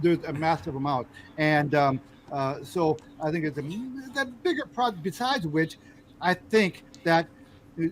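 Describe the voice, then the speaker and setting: An American man hosting a casual political podcast, talking in halting bursts with many fillers and restarts. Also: fairly high pitch, a little hiss or hum, poor audio. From United States. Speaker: podcast host.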